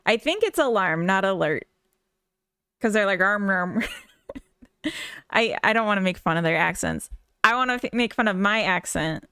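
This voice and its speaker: A woman's voice: medium pitch, expressive, moderate pace, bright, forceful tone, clear, resonant tone, dry recording, studio quality. A Minnesotan woman chatting casually with viewers on a live stream, rambling and giggling often. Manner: giggly, rambling, full of fillers. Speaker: live-streaming game developer.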